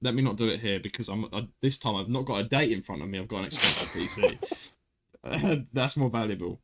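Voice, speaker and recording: A man's voice: on the low side, brisk, heavy background noise. A young man, hosting a casual podcast chat and telling a story with lots of restarts. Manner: animated storyteller, self-interrupting with restarts. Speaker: podcast host.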